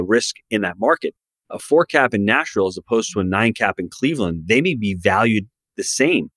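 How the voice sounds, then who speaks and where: Give me a low-voiced man in a dry studio sound, confidently pitching his investing approach as a podcast guest. He speaks with emphatic, salesy conviction. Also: fairly bright tone, dry recording. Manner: emphatic, promotional advice-giving. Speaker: real estate investor guest. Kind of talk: podcast interview.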